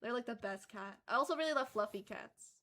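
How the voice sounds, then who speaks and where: A woman's voice: on the high side, expressive, brisk, fairly bright tone. A young woman livestreaming in casual chat, rambling with lots of fillers, who says she lives in Canada. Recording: faint music behind.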